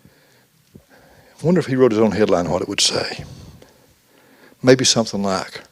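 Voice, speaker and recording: A man's voice: fairly low pitch, steady tone, moderate pace, long pauses. A man giving a folksy, conversational youth sermon, acting out quotes as he goes. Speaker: youth pastor.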